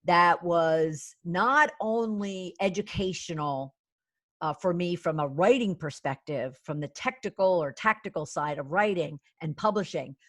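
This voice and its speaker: A woman's voice: low voice, dry recording, clean studio sound. A middle-aged woman, a business coach and author, telling her personal story earnestly, with many "you know" fillers.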